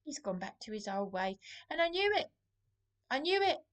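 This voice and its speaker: A woman's voice: high voice, very animated, normal speed. An Englishwoman, out of breath and venting in an agitated, aggrieved, rambling monologue to the camera. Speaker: vlogger.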